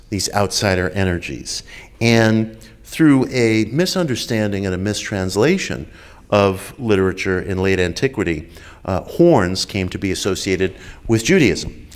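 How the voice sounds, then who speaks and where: Lower-pitched New man, deliberate lecturer, repeats key phrases, heard over a video call. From United States. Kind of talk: measured public lecture.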